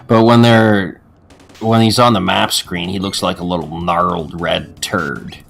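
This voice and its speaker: A man's voice: sits low, steady tone, unhurried, creaky, fairly bright tone, faint music behind. A man co-hosting a let's play, joking and swearing casually as the game plays. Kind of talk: casual gameplay chat.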